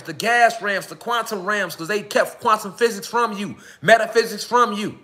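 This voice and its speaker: A man's voice: high voice, normal speed, hardly any pauses, pushed and bright. A man giving an unscripted live speech to his followers, heated and profane, with lots of repetition and street slang. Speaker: self-styled spiritual speaker.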